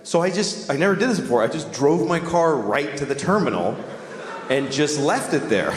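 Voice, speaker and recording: A man's voice: fairly high pitch, big pitch swings, normal speed. A middle-aged man doing a stand-up routine, telling a rambling, self-deprecating story. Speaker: stand-up comedian. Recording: roomy hall reverb, faint noise.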